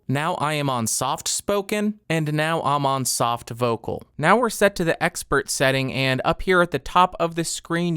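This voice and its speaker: Man, product walkthrough, crisp voice, dry close sound, matter-of-fact. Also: a little high, a bit bright, dry recording. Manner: clear, matter-of-fact explaining. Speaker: gear reviewer.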